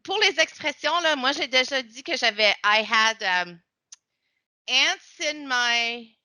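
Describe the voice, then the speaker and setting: A woman from New Brunswick moderating a panel discussion, chatty and animated, switching between English and French. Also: high voice, normal speed, dry recording. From New Brunswick, Canada. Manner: chatty, animated, laughs often.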